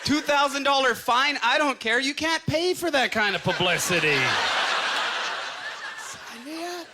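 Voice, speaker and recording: This Canadian comic performs stand-up in a club, laughing through his own punchlines as a live crowd roars with laughter. His voice is very high with lively intonation, delivered at a moderate pace. The recording captures the loud crowd noise of a live set.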